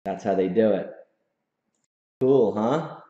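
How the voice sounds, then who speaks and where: A man hosts a casual livestream from his home office, hyped, slangy and quick to laugh. He talks slowly in a mellow, dark tone. The sound is roomy and a little dull. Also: fairly low pitch. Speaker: host.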